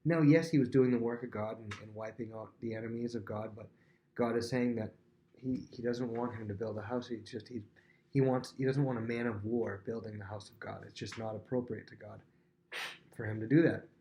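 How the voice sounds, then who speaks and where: A man's voice: fairly low pitch, fairly quick, slight background noise. A young man giving a casual, conversational Bible lesson, full of fillers and restarts, acting out the dialogue. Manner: chatty, acts out dialogue with animated voices. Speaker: Bible teacher.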